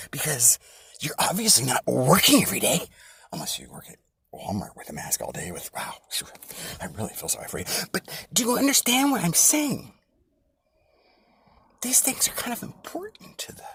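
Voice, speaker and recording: A man preaching an informal sermon in a mocking, conspiratorial tone, dropping into whispers and then rising to loud outbursts. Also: fairly high pitch, vocal fry, breathy edge, no room sound. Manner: swings between hushed whispers and loud, sarcastic exclamations. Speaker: self-made online preacher.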